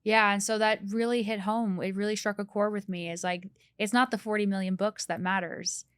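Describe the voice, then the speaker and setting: A woman's voice: mid-range voice, fairly even intonation, a little fast, smooth, no echo. A young woman hosting an interview, asking reflective questions with an eager, chatty manner. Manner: enthusiastic, reflective questions with filler "like". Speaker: interview host. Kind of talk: conversational interview.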